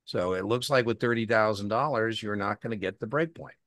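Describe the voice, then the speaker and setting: A man's voice: lowish voice, fairly quick, dry recording, studio quality. A man teaching an exam prep class in a conversational way, telling anecdotes and acting out the dialogue in them. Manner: animated storytelling, acts out dialogue; repeats key points for emphasis.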